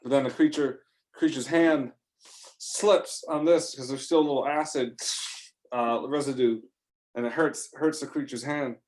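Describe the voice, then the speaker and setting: A man telling an improvised first-person adventure story in a rambling, excitable way, full of fillers and restarts. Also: medium pitch, a little slow.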